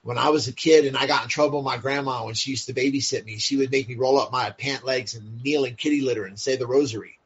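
A man's voice: medium pitch, fairly even intonation, quick pace, hardly any pauses, husky. A man guest telling his story candidly and bluntly, swearing freely and filling his speech with "like" and "you know". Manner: blunt and profane, many fillers like "like" and "you know". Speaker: podcast guest. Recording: dull lo-fi sound.

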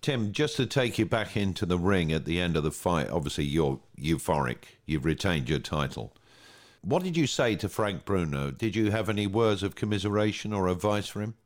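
Deep guy interviewer, keeps pushing the same question. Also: big pitch swings, normal speed. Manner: presses with repeated questions.

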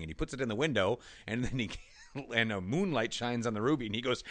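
A man in casual chat, animatedly retelling a movie plot with lots of laughter and deadpan quoted lines. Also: mid-range voice, a little fast.

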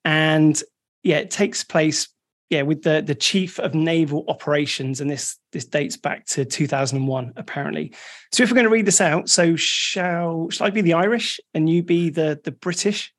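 A podcast co-host chatting casually and recapping listener updates in a relaxed way. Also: medium pitch, normal speed. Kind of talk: casual chat.

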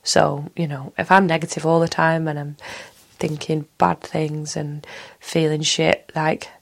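A woman's voice: low-pitched, little pitch movement, unhurried, gravelly. A woman in her thirties from Manchester with a Mancunian accent, hosting a casual solo podcast in a frank, rambling way that drifts from story to story. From Manchester, England. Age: 30s. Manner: outspoken, frank and swears casually. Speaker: podcast host.

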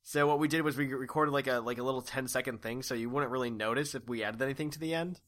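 A man's voice: medium pitch, fast talker, a bit bright. A man hosting a podcast in a laid-back, rambling way, laughing often. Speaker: podcast host. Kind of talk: casual chat.

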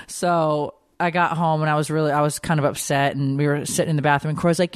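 A woman's voice: low voice, fast talker, few pauses, no echo, clean studio sound. A woman in her forties hosting a podcast, chatting casually and telling family stories in an emotional, gushing way. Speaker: podcast host. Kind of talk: casual chat.

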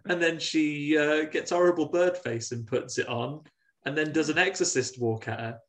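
A man's voice: on the high side, fairly even intonation, moderate pace, a bit bright. A man, co-hosting a casual podcast chat, recapping a film with laughter and acted-out lines. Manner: laughing, swearing, acts out characters' lines. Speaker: podcast co-host.

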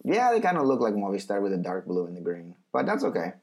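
A man in relaxed podcast chat, his voice rising and falling widely as he talks. He leans into dry sarcasm and jokes. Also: fairly low pitch, quick pace. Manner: sarcastic, joking. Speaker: podcast co-host. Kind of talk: casual chat.

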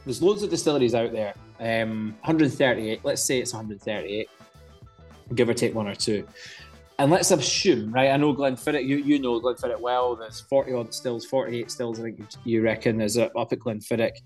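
A man's voice: medium pitch, normal speed, darkish tone, soft background music. A man co-hosting a podcast, chatting casually in a jokey, rambling way. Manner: jokey, rambling, self-deprecating. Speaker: podcast co-host.

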